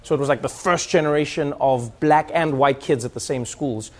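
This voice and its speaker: A man from South Africa telling a lively, animated story in casual chat, slipping into other people's accents. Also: mid-range voice, normal speed. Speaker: host.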